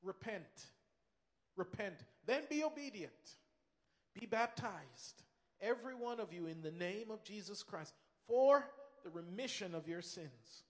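A man's voice: high-pitched, expressive, a little slow, fairly bright tone, big-room sound. A man preaching a sermon with emphasis. He repeats key phrases and acts out the voices he quotes.

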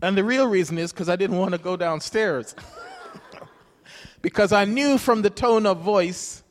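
A man preaching a conversational sermon as a pastor, telling stories and chuckling often. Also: high voice. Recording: long hall reverb.

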